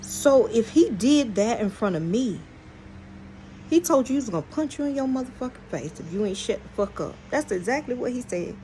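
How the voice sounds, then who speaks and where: A woman's voice: on the high side, moderate pace, a little hiss or hum. A woman hosting a storytime vlog, telling viewers a story in a blunt, profane way and often speaking straight to them. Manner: animated, exclaims in outrage. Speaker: channel host.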